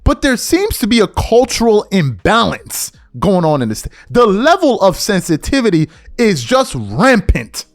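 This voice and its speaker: A man hosting a podcast, delivering an opinion rant and mocking others in high, whiny put-on voices. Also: huge pitch swings, moderate pace, few pauses. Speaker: podcast host.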